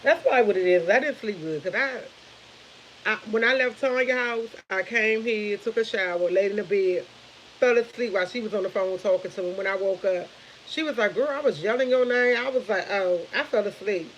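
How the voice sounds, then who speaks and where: A woman's voice: medium pitch, a little fast, lo-fi sound, slight background noise. A woman, in her thirties, chatting casually and rambling to viewers of her morning live stream, laughing often.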